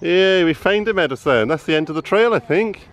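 Walking a farm trail outdoors with his small son, a man in his thirties vlogs into a handheld camera, chatting casually and cheering the boy on. He has a high voice with lively intonation and a brisk delivery.

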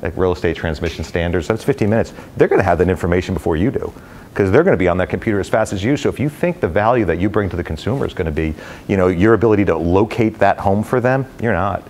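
A middle-aged man talking casually to a live audience of brokers, an energetic, rambling storyteller with many fillers. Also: low voice, quick pace, a little hiss or hum. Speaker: real estate executive speaking to brokers. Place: company headquarters event space.

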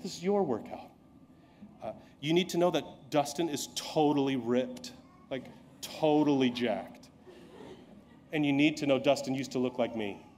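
A man preaching from the pulpit in a relaxed, conversational way. He pokes fun at himself and puts on voices for the people in his stories. His pitch sits in a middling range. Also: slight background noise. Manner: conversational, self-deprecating storytelling with acted quotes. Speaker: pastor. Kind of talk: sermon.

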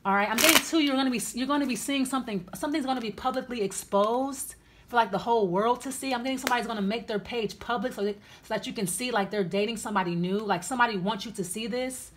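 A woman's voice: a little high, fast, fairly bright tone, a little hiss or hum. A woman giving a casual tarot reading, blunt and chatty, with many fillers and restarts. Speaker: tarot reader.

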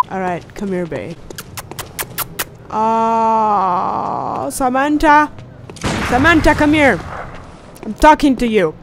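A woman hosting a let's play, excitable, shrieking and goofing around as she comments on a game. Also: on the high side, slow, pauses often, very noisy. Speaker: gaming channel host.

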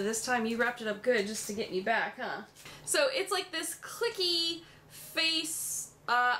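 A woman from the USA chatting through an excited unboxing at home, gushing with frequent gasps and exclamations. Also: high-pitched. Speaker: beauty vlogger. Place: home room with her dog nearby.

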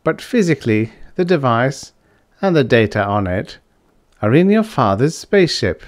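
A man voicing a fat, jovial, scheming crime boss with a suave, pompous, unhurried manner in a science fiction audiobook. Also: medium pitch, sing-song, no room sound, clean studio sound, voice pushed up, close to an everyday voice.

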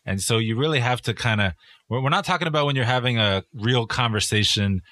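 A man co-hosting a podcast, talking in a relaxed, loose way with lots of casual fillers. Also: medium pitch, brisk, dry recording. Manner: relaxed, loose, fillers like "kinda" and "you know". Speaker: podcast co-host.

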